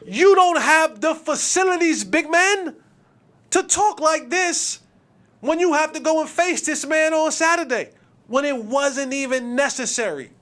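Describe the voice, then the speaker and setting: A man's voice: extremely high pitch, measured pace, fairly bright tone. A man hosting a sports podcast, talking emphatically with repetition and slang. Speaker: podcast host.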